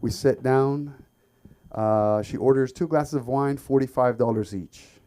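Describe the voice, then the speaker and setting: A man from the Middle East performing an open mic stand-up set, with lots of ums and bursts of loud shouting. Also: medium pitch, unhurried. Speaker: stand-up comedian. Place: comedy club stage.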